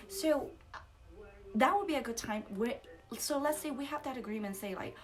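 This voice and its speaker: A young adult woman giving a casual spiritual coaching talk, animated and laughing, acting out outbursts. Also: fairly high pitch, moderate pace. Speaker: psychic coach.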